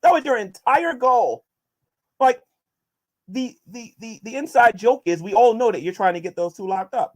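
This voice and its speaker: Combative man with a lively voice. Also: high voice. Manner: combative, addressing critics directly, many restarts. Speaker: YouTuber answering viewer questions. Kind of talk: casual vlog monologue.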